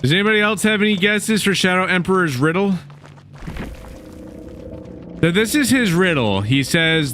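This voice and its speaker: A man's voice: sits high, animated, normal speed, pauses often, pushed and bright, slight background noise. A man streaming a video game, chatting casually with viewers and teammates and laughing often. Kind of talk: casual gaming stream chat.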